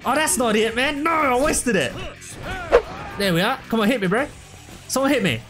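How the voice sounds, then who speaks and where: A man giving casual, excitable gameplay commentary, full of slang and shouts at the game. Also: very high voice, moderate pace. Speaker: let's play gamer. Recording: loud game music underneath. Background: game music.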